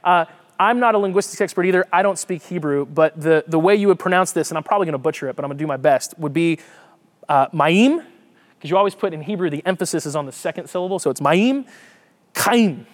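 A pastor speaks rapid-fire in a fairly high voice, preaching a conversational sermon. He reads scripture aloud and explains it, lively and full of restarts, echoing words while he thinks.

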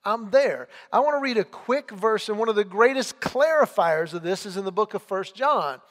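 A man's voice: high voice, lively intonation, moderate pace, a bit bright, long reverb tail. A man preaching a sermon as pastor, earnest and conversational, asking rhetorical questions and reading scripture aloud.

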